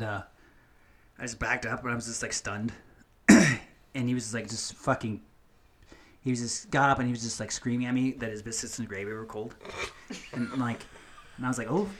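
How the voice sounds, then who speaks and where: Bright-voiced man rambling through a story. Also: medium pitch. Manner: rambling, profane, many fillers and restarts. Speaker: podcast co-host telling a story. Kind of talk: casual storytelling chat.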